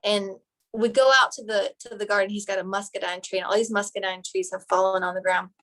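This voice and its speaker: Direct, animated young woman on a phone live stream. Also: medium pitch, a little fast, low-quality recording. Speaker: team leader and nurse. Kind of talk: motivational live video chat.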